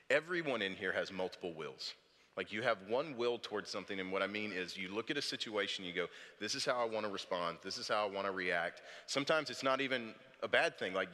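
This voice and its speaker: Pastor, man in his thirties, animated storytelling sermon, bright tone, long hall reverb. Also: medium pitch. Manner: storytelling, animated with self-deprecating humor. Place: church service hall.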